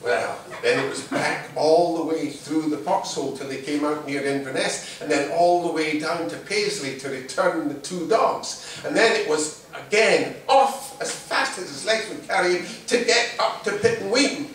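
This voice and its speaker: A man telling a folk tale live in a lively, humorous way, heard from a distant mic in a very echoey room. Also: fairly high pitch, normal speed, few pauses. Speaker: storyteller.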